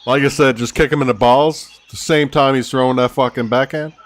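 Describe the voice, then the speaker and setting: A man's voice: mid-range voice, steady tone, brisk, dry recording. A man co-hosting a live fight betting stream, chatting casually with rambling, profane anecdotes. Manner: laid-back, rambling anecdotes with swearing.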